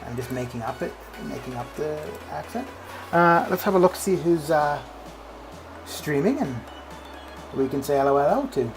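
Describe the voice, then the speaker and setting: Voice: medium pitch, animated, normal speed, poor audio. A game streamer chatting casually with viewers in a live stream, rambling with lots of restarts and fillers, over faint background music.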